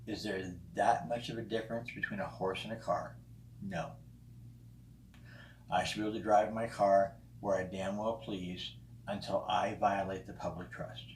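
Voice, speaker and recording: A man's voice: sits low, darkish tone. A man giving a casual, opinionated monologue in a blunt, profane way, with frequent ums and restarts. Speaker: vlogger responding to a friend's video. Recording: roomy echo with faint background noise.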